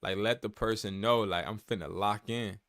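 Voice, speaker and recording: A man coaching fellow resellers in a casual vlog monologue, animated and slangy, repeating words for emphasis. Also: on the low side, normal speed, no echo, clean studio sound.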